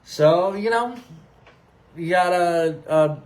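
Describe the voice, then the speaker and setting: A man's voice: a little high, big pitch swings, drawn-out words, long pauses, a little mellow, rough recording. A man hosting his own podcast, chatting casually and rambling with many fillers, restarts and upbeat asides. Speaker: podcast host.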